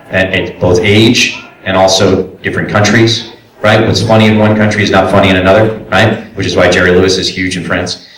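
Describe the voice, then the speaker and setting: A man's voice: on the low side, a bit bright. A man, a voice actor and director, answering audience questions at a convention panel in a loose, chatty way full of fillers and restarts. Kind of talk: casual Q&A talk to a live audience. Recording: echoey room from far off.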